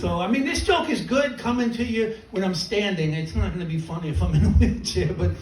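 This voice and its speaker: A man's voice: high-pitched, lively intonation, brisk, a little mellow, a little hiss or hum. Middle-aged male stand-up comic, self-mocking storyteller, sounds a bit off-mic in an echoey club. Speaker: stand-up comedian. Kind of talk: stand-up comedy set. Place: small comedy club stage. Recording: roomy venue, mic from a distance, laughing crowd. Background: audience laughter.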